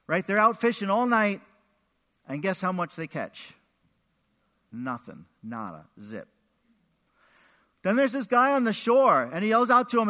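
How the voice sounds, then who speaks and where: High, bright-voiced man preaching in a hall. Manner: animated, acts out quotes with big pitch swings. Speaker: pastor. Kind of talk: sermon. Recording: echoey hall with long reverb.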